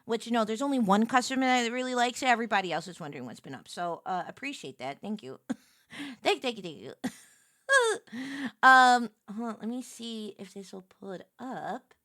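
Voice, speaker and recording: A woman streamer chatting casually on a live stream. She gushes with excitement and thanks her viewers effusively. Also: on the high side, normal speed, dry recording, studio quality.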